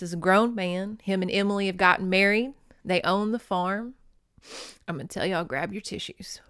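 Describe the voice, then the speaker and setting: A woman's voice: medium pitch, a bit bright, smooth, no echo, studio quality. A woman hosting a podcast, giving a folksy, sentimental recap of a movie and laughing often. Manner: fond and sentimental storytelling. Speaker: podcast host.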